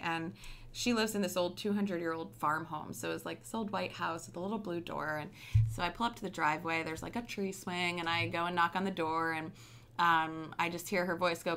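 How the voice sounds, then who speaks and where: A woman's voice: fairly low pitch, steady tone, brisk, bright, forceful tone. A young woman telling stories as an interview guest, chatty, with many ums and likes. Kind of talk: casual storytelling interview.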